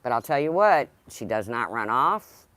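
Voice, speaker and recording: Woman hosting a casual livestream, low pitch with lively swings, rambling. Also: moderate pace, no room sound. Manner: rambling, talks to her dog. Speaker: livestream host.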